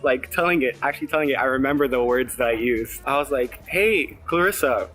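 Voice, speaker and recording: Bright-voiced young man rambling through a story. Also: mid-range voice, a little fast, soft background music. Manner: rambling, self-deprecating, heavy on "like" fillers. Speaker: vlogger. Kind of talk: storytime vlog.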